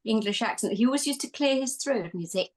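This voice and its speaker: A woman with a fairly high voice co-hosting a casual talk show. She reminisces in a loose, rambling way. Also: expressive, fast talker. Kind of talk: casual chat.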